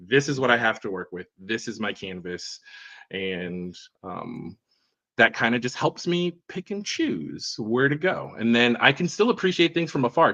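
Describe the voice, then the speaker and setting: Bright-voiced man on a dull lo-fi call. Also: mid-range voice. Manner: upbeat, reflective, peppered with "like" and "right?". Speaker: guest collector. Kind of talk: casual livestream chat.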